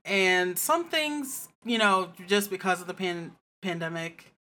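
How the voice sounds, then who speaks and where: A woman with a bright, forceful voice set a little low, talking as a guest on a casual podcast. She is chatty and self-deprecating, and laughs often as she talks. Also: lively intonation, a little slow.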